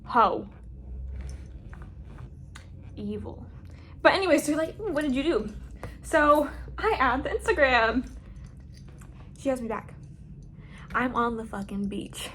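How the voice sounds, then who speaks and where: Young woman with a high voice, telling a storytime, super animated and sweary. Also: measured pace, pauses often, a little hiss or hum. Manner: animated, profane, dramatic storytelling. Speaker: vlogger. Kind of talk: storytime vlog.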